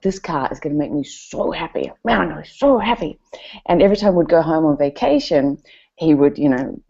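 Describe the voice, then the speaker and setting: Mellow-voiced New woman telling stories. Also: low voice. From New Zealand. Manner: animated, expressive, chatty with fillers. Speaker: event speaker. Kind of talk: personal storytelling talk. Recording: dull lo-fi recording.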